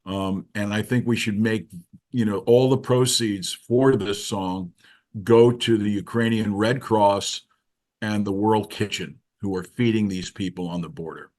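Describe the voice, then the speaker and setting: Low-voiced man telling a story. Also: measured pace. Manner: animated storyteller, acts out quoted voices. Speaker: interview guest, keyboard musician. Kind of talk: casual storytelling.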